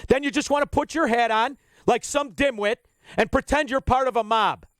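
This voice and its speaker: A man's voice: extremely high pitch, moderate pace, a bit bright, no echo, studio quality. A middle-aged man hosting a radio talk show, ranting bluntly and combatively with plenty of swearing. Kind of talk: opinionated talk radio monologue. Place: radio studio.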